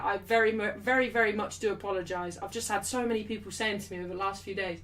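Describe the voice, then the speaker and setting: A young English woman, not Mancunian, hosts a live football watchalong, reading out super chats in blunt, casual chat full of swearing. Her medium-pitched voice is steady and fast with few pauses on a distant mic, and she gets loud and defensive before turning apologetic.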